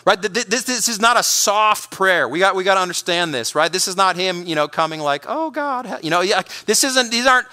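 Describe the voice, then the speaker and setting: Energetic high-voiced male preacher. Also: a little fast, hardly any pauses. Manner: energetic, emphatic preaching with repetitions. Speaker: pastor. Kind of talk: sermon.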